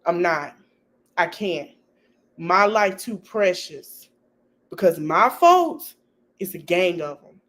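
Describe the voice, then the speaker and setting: A woman's voice: on the low side, animated, slow, long pauses, a bit bright. A woman speaking talks straight to her livestream viewers. She scolds and repeats herself for emphasis, her blunt advice laced with swearing. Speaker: livestream host. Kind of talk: casual livestream commentary.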